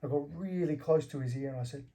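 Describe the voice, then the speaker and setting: A man's voice: a little high, fast talker, warm tone. Swearing australian man telling bouncer stories. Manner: swears freely, acts out quarrels in anecdotes. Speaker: guest, former fighter and bouncer. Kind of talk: casual storytelling interview.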